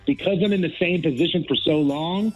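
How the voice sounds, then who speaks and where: A man calling in to a radio show, sore after surgery, his voice sitting fairly high. He tells stories casually and pokes fun at himself. Faint music plays underneath. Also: brisk, highs cut off. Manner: storytelling, quoting others, self-deprecating. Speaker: co-host recovering from surgery, on the phone.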